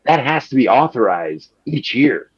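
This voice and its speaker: A male journalist from Chicago talking in a lively, quick, conversational rush, dropping "like" everywhere and slipping into voices when quoting people. The audio is a little muffled and lo-fi. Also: medium pitch, slightly rough. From Chicago, Illinois. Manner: animated, quick, peppered with "like", acts out quoted politicians. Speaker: journalist guest. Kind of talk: conversational interview answers.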